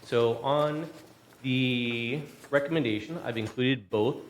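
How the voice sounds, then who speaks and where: A man reads a formal notice aloud to a board, then explains it in plain terms with the odd "um". He sounds a little out of breath, and his pitch sits in an ordinary middle range. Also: slow pace, slight background noise. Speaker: staff presenter at a board meeting. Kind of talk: formal staff report. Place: boardroom meeting.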